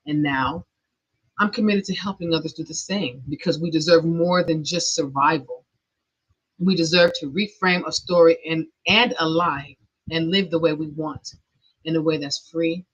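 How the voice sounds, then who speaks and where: Her voice is lowish, husky, and a bit bright as this middle-aged podcast host delivers a personal monologue. She tells her story with earnest emotion and nervous laughs, and the lo-fi audio comes across dull.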